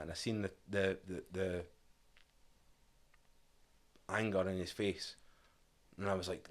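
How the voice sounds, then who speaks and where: Scottish man, low voice, candid storytelling. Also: little pitch movement, moderate pace, pauses often. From Scotland. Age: 30s. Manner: candid, reflective, quotes his past self and family. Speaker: podcast guest. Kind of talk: casual storytelling interview.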